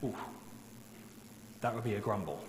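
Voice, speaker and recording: A man preaching a sermon as pastor, earnest and pleading, slowing down to stress key points. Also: on the low side, animated. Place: church sanctuary. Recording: echoey church hall, faint hum.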